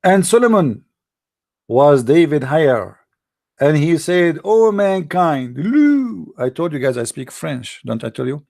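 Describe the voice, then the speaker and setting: An actor playing a boastful, rambling mock preacher with an Arabic accent, in a satirical livestream monologue. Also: male voice, on the high side, sing-song, unhurried, vocal fry, a little mellow, full character voice. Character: mock-pompous self-styled male preacher, middle-aged.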